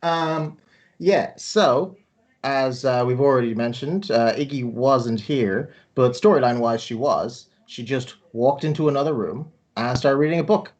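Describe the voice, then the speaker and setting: An Irish man recaps a tabletop session in casual chat. He rambles with dry jokes, and his pitch sits in the middle. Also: a little slow, a little mellow, dull audio. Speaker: player.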